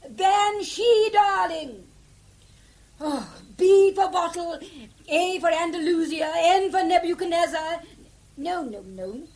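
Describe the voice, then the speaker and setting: A woman's voice: sits high, sing-song, moderate pace. An actress playing a flustered aristocratic English lady in a 1950s radio play, fluttery and exclamatory.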